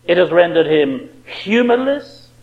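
A man's voice: high voice, big pitch swings, a little slow, vocal fry, highs cut off. A man preaching a sermon with impassioned rhetorical questions.

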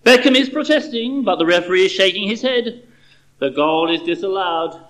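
A man's voice: high voice, animated, moderate pace, a bit bright, voice pushed up. A man voicing a dispassionate television football commentator. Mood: detached. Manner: detached broadcast delivery.

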